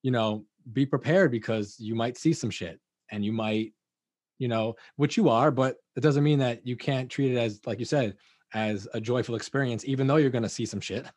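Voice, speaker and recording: A man's voice: medium pitch, moderate pace, darkish tone, no room sound. A man hosting a podcast in casual chat, rambling and hesitant with many fillers. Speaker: podcast host.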